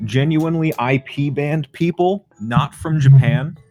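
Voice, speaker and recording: A man's voice: fairly high pitch, unhurried, darkish tone, soft background music. A man co-hosting a casual gaming chat, ranting bluntly and swearing a lot. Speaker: podcast co-host.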